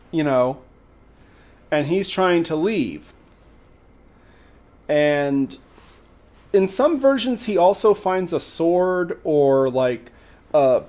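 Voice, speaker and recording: Animated high-voiced male host. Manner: animated, exasperated banter with chat. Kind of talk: casual livestream storytelling.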